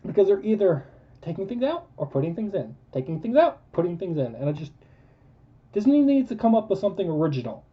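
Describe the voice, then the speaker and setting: A man's voice: high-pitched, sing-song, fast talker. Exasperated man ranting about movies. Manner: exasperated, emphatic, repetitive. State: losing his voice. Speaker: movie reviewer. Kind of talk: ranting film review vlog. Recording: dull lo-fi recording.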